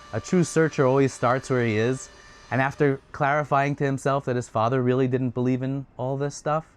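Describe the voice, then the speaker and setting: A man retelling a story in a casual, conversational way, getting animated at times. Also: medium pitch.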